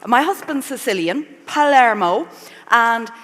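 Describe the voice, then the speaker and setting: A woman's voice: fairly high pitch, expressive, a little slow, a bit bright. A middle-aged Irish woman chef giving a live cooking demonstration on a festival stage, chatty and self-mocking. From Ireland. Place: festival stage in a large hall. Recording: live hall reverb.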